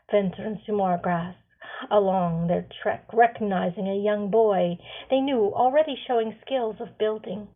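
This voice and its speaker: A woman author reading her own fantasy novel aloud, slow and hushed at the grim parts. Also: mid-range voice. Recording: tinny phone-like sound.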